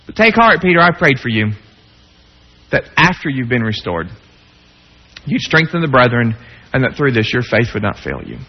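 Male preacher, dramatic swings from hushed to pleading, muffled lo-fi sound. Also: big pitch swings, moderate pace, long pauses. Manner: dramatic, swings between hushed low tones and raised pleading. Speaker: pastor. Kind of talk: sermon. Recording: dull lo-fi sound with long hall reverb.

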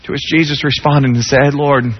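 A man preaching a sermon, dropping to hushed low tones and rising to raised pleading. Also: steady tone, moderate pace, slightly rough. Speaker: pastor. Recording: dull lo-fi sound with long hall reverb.

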